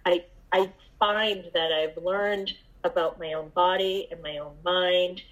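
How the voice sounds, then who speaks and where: A middle-aged woman giving a candid, halting personal share at a recovery meeting, with many fillers and restarts. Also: on the low side, fairly even intonation, rough recording.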